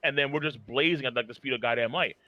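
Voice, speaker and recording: A man's voice: medium pitch, quick pace, sharp tone, no room sound, lo-fi sound. A man co-hosting a podcast, talking animatedly and profanely with lots of filler words. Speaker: podcast co-host. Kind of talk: casual podcast chat.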